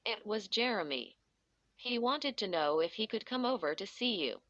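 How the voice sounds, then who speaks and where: Caring, brisk mom, voiced by a woman reader; bright voice, lo-fi dry recording. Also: mid-range voice, animated, no room sound, close to an everyday voice. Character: cheerful, caring mother.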